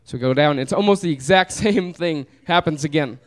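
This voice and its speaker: Laughing often at his own long tale, a relaxed, amused young comedian performs live storytelling in a small venue. His voice, a little high for a man, is smooth and clear, and he talks fairly quickly.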